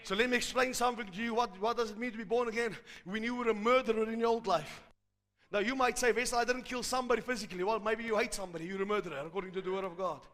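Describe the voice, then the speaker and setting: Man, preacher, very high bright voice, fervent sermon, shouts, long hall reverb. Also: steady tone, very fast. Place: large church hall. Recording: hall reverb from a live service.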